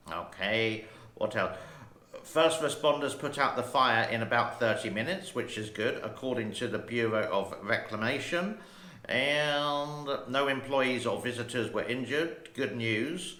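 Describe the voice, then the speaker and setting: This channel host is in his sixties and chats his way slowly through headlines, rambling as he goes. A lowish voice, pushed and bright, comes through a recording with noticeable room echo.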